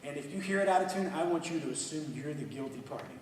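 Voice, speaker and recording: A man coaching a student orchestra, energetic and encouraging, with quick bursts of praise. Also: fairly high pitch, a little hiss or hum. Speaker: orchestra clinician. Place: large hall with an orchestra. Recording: echoey hall from far off, orchestra music.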